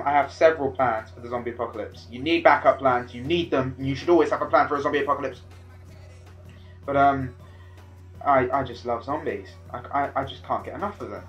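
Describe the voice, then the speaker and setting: Rambling excitable teen vlogger. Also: male voice, mid-range voice, dull audio. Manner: rambling, excitable, with sudden loud outbursts. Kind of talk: rambling casual vlog monologue.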